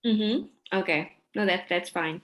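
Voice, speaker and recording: A woman's voice: fairly low pitch, unhurried, a bit bright. A woman speaking politely on a video call, hesitant, stumbling and laughing as she asks questions. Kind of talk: casual chat before an online session.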